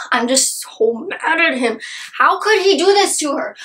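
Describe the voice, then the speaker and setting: Gushing young woman with a high voice. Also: slow, rough recording. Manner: gushing, excitable, exaggerated outrage. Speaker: book reviewer. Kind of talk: casual book review.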